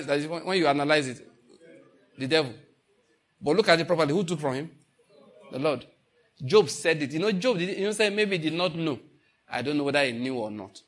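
Middle-aged Nigerian male preacher, slightly high pitch, emphatic and repetitive sermon delivery. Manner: emphatic, repeats lines, rises to loud bursts. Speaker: pastor.

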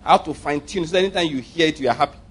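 Male pastor, fairly high husky voice, rambling humorous sermon style. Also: racing. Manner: jokey, digressive, repeats himself.

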